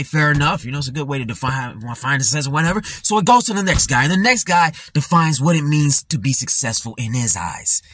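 High bright-voiced guy rambling through commentary, laughing, lots of "you know". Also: breathy edge, no echo. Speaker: commentary vlogger. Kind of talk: casual commentary.

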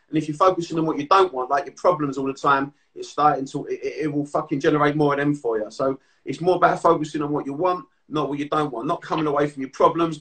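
A male podcast host who talks fast and bluntly, swearing freely as he explains things. His voice sits a little high. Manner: blunt, sweary, animated storytelling. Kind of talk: casual podcast chat.

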